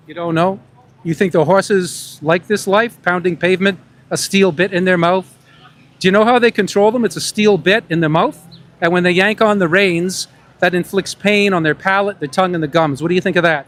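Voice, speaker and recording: A man's voice: high voice, steady tone, normal speed, a bit bright. A man doing a confrontational street vlog in a put-on New York accent, firing leading questions at passersby outdoors and muttering asides to a tripod camera. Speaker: street interviewer.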